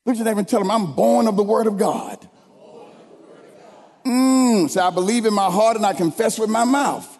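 A man preaching a sermon, leading the congregation in call-and-response and building to shouted lines. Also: high voice, normal speed. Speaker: pastor. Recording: long hall reverb.

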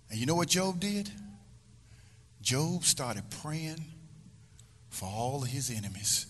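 A man's voice: medium pitch, expressive, normal speed, pushed and bright, husky, in a large hall. A male pastor preaching a sermon, emphatic and repetitive, stretching phrases out for effect.

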